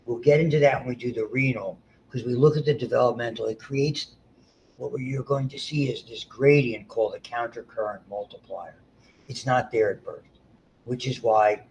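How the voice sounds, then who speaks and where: A man's voice: medium pitch, normal speed, vocal fry, pauses often, darkish tone, slight background noise, low-quality recording. A man around seventy giving a casual, rambling biology lecture to students, full of asides and restarts. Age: about 70.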